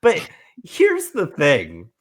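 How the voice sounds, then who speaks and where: A man with a slightly raised voice talks slowly and deliberately, piling on profane, mock-indignant trash talk as a podcast host. The sound is dry and close, with no room behind him. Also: a little high, huge pitch swings, no echo. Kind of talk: casual chat.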